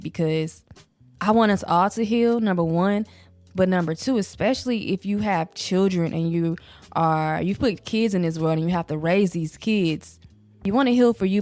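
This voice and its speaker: A woman with a lowish voice talks straight to her viewers, candid and unpolished. She's a mother sharing her own experience in a loose, rambling way, full of "like" and restarts. Faint music sits quietly underneath. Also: no room sound. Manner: casual, rambling, frequent "like" fillers. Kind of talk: candid personal talk to camera.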